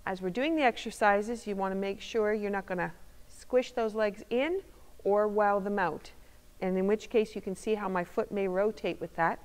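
A woman instructor calmly talking viewers through seated foot exercises step by step while demonstrating them. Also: medium pitch, normal speed, smooth. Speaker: movement instructor. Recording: long reverb of a hall.

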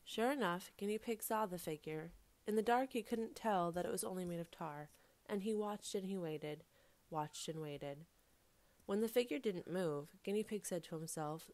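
A woman's voice: lowish voice, moderate pace. A woman storyteller narrating a folk tale expressively, with rhythmic repetition. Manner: expressive, repeats phrases for rhythm.

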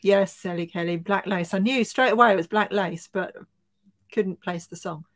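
A woman's voice: mid-range voice, moderate pace. A woman co-hosting a casual live-stream chat, laughing often as she reads comments aloud. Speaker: co-host.

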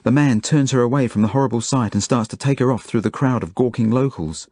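A man reading an audiobook as a first-person narration, in plain, measured storytelling. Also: mid-range voice, a little mellow, no echo, clean studio sound. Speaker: audiobook reader.

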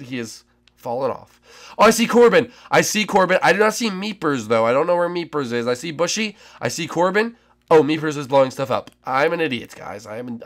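A young man giving excitable Minecraft gameplay commentary as a gaming channel host, with loud, dramatic outbursts. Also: medium pitch.

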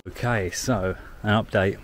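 A young man talks casually as he walks, filling his chatter with "like" and amused asides. His voice sits fairly low. Wind and passing cars come through loudly behind him. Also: steady tone, a little slow. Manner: chatty, amused commentary with frequent "like". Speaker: walking vlogger. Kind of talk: casual outdoor walking vlog. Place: outdoors, countryside fields and villages. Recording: outdoor noise, wind and passing traffic.

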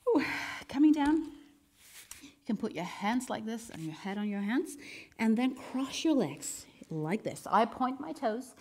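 Slow-talking upbeat fitness instructor woman. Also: fairly high pitch, very animated, darkish tone. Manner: chatty and upbeat, laughs often, counts down reps. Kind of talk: workout instruction.

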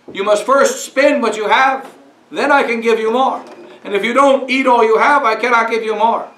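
A priest giving a sermon in a conversational preaching style, asking rhetorical questions. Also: male voice, very high voice, steady tone, normal speed, pushed and bright. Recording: roomy echo, speaker far from mic.

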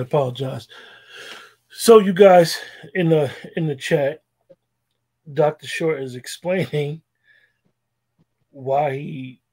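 A man hosting a livestream, speaking in a polite, low-key way and addressing the chat. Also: darkish tone, breathy edge. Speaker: livestream host. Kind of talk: casual livestream talk.

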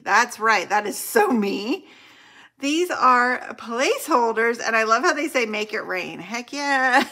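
A middle-aged woman talks to her camera in a slightly raspy, bright voice. She is unhurried and pitched a touch high. Her excitement makes her voice swing widely as she laughs and gushes. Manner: gushing and excitable, laughs often. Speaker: budgeting channel host. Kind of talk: casual unboxing chat to camera.

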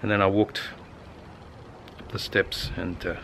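Australian male vlogger, deadpan and rambling, low-pitched, faint background hiss. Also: unhurried, creaky. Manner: dry, rambling, deadpan humor. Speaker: vlogger, amateur astronomer. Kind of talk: casual vlog narration.

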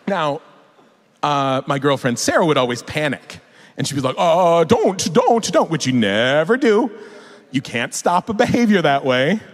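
A man in his forties telling stories to an audience from a stage, animated and cussing, acting out voices. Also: on the high side, moderate pace. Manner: animated, swearing, acts out kids' voices. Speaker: author on stage. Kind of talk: storytelling to an audience. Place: large opera hall. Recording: echoey hall from the stage.

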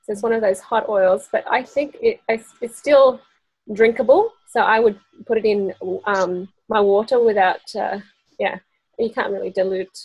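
A woman's voice: mid-range voice, steady tone, normal speed, a little mellow, slightly rough, no room sound, poor audio. A woman presenting essential oils to a small group, chatty and often laughing. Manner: chatty, laughing often, acts out quoted voices. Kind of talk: casual workshop talk to a group.

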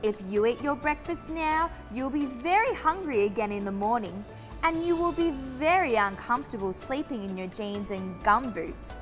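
A gentle, patient father from a bedtime storybook, as a woman puts him on. He speaks calmly and soothingly in a lowered voice that is still fairly high. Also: moderate pace, faint music behind, close to an everyday voice.

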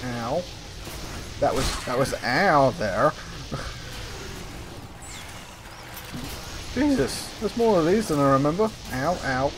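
A man's voice: fairly high pitch, sing-song, extremely slow, long pauses, noisy background. Goofy muttering man playing a game. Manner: goofy, sings and mutters to himself while playing. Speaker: gameplay commentator. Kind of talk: casual let's play commentary.

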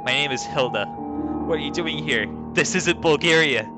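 A man's voice: on the high side, moderate pace, natural voice. A man voicing a sympathetic woman in a hospital, reading her lines from a text game in a quavering voice. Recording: clear background music.

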